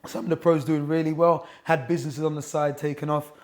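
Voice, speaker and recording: A man's voice: fairly high pitch, level tone, fairly quick. A man in his thirties, a boxing coach and author, telling stories as a chatty, enthusiastic guest in a gym. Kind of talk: casual interview chat.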